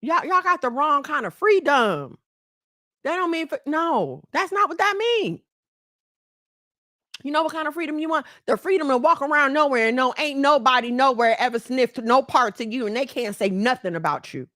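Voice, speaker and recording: A high-pitched woman lectures her audience head-on in a blunt, scolding way. She is middle-aged, animated, and quick to laugh. The voice sits close and dry, with hardly any room sound. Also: no room sound. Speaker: channel host. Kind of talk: preachy commentary to women.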